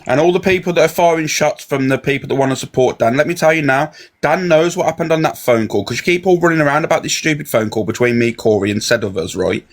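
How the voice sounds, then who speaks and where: A man's voice: fairly high pitch, fast talker. A man ranting in a heated live chat, confrontational and swearing. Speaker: live stream guest.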